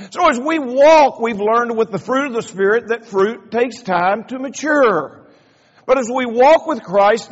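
Pastor guy preaching, highish voice, dull sound with a long church echo. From Kentucky. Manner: folksy, storytelling, playful asides to the congregation. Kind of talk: sermon. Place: church sanctuary. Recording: dull lo-fi sound in a reverberant hall.

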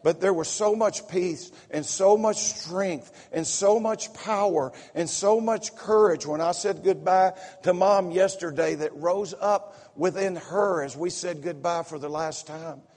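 Man, pastor, slight Southern accent, fervent folksy sermon, higher voice, long church-hall reverb. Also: measured pace, few pauses. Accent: Southern US, slipping in from home visit. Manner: excitable, folksy preaching with repetitions and asides. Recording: echoey sanctuary reverb.

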